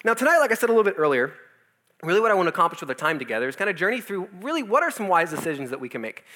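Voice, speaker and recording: A young man in his twenties giving a casual youth sermon, telling a comic story with lots of fillers and animated asides. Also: sits high, racing. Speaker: youth speaker.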